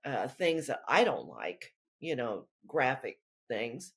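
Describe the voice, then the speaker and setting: A woman's voice: extremely low pitch, sing-song, slow pace, vocal fry, a bit bright, breathy edge. A woman author talking through her work in a rambling, chatty way during an interview. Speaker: author guest. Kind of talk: casual interview chat.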